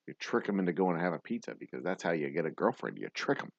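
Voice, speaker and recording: A man's voice: sits low, big pitch swings, fast talker, vocal fry, husky, dry recording, highs cut off. A man hosting a drinking livestream show, ranting crudely and laughing in rambling, profane chat. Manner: loud, crude, laughing, tipsy rants. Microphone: webcam livestream setup.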